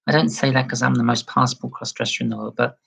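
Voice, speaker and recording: Gravelly, husky man chatting on a livestream. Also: fairly even intonation, fast talker, poor audio. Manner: chatty and self-deprecating, gently raising his pitch toward a feminine tone. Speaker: livestream host. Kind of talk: casual livestream chat reading viewer comments.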